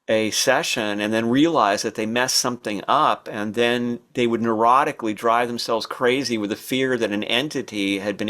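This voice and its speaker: An older man telling stories from his past as a podcast guest, thoughtful and unhurried, with fillers and restarts. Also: fairly low pitch, fairly bright tone. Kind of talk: relaxed storytelling interview.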